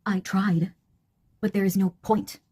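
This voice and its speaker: A woman's voice: medium pitch, steady tone, measured pace, mellow, husky. A woman with a sardonic, mocking manner, delivering a casual monologue.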